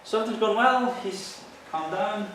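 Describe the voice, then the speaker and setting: Earnest police officer lecturing in echoey hall. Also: male voice, sits high, moderate pace, a bit bright, slight background noise. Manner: earnest, explanatory, tells field stories. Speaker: police officer giving a training talk. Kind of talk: presentation to an audience. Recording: echoey hall, mic from far off.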